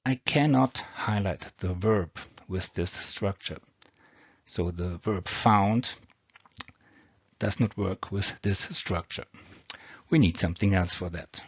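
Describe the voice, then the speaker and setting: In a deep, slightly rough voice, a man takes it slowly and pauses often while teaching English grammar over slides. He has a non-native accent and explains patiently, step by step. The recording is dry, dull and lo-fi, made at home.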